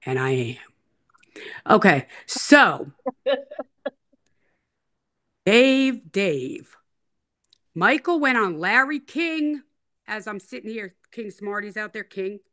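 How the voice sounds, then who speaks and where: A woman's voice: mid-range voice, big pitch swings, slow, pauses often, fairly bright tone. A woman interview guest in a casual chat, rambling, repeating herself and teasing in a playful way. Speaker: interview guest telling her story.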